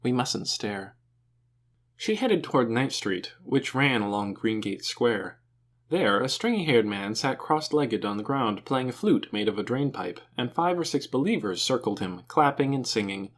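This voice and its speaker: A man narrates an audiobook with an expressive, animated reading, in a mid-range voice at a moderate pace.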